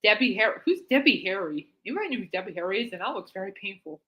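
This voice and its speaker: In a muffled recording, a podcast host reads music articles aloud at a quick pace, her medium-pitched voice swinging widely in pitch. She follows the readings with amused, giggly comments and snorts when she laughs.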